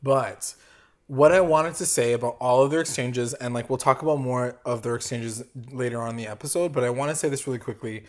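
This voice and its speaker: A man co-hosting a podcast, recapping a show in casual chat, animated, swearing freely and acting out quotes. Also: medium pitch, brisk. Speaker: podcast co-host.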